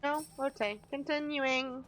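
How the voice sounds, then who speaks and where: A woman's voice: sits high, measured pace, fairly bright tone, a little hiss or hum, rough recording. A woman streaming a game, chatting casually and reading the dialogue aloud with amusement. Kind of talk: casual gameplay commentary.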